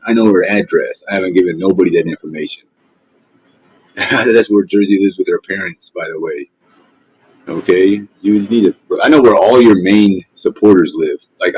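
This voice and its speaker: Hosting a casual livestream from home without showing his face, a man with a low, slightly mellow, breathy voice goes on a profane, rambling rant of trash talk and mockery. The stream audio is dull, dry, and lo-fi, with no echo.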